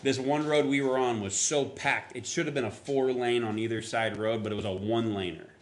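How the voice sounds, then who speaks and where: Speaking a little fast but keeping his tone steady, a pastor recounts a personal story in his sermon. It's casual and conversational, and when he quotes people his pitch rises as he acts out their lines.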